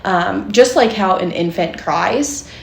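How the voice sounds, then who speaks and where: Woman, young adult, therapist co-host, chatty and explanatory, medium pitch, roomy echo. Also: slow, creaky. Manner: chatty, explanatory, laughs often, lots of fillers. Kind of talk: casual podcast conversation.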